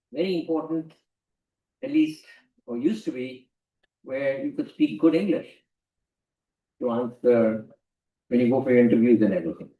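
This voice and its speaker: A man's voice: medium pitch, narrow, tinny audio. Emphatic man lecturing in a roomy hall. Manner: emphatic, repeats key phrases. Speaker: guest lecturer. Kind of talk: lecture to students. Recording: roomy hall, distant mic.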